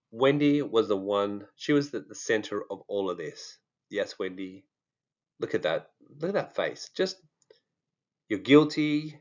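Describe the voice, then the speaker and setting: Australian man, casual vlog monologue, joking, filler-heavy, slightly low voice, muffled lo-fi audio. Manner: joking, animated, with many fillers. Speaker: true crime vlogger.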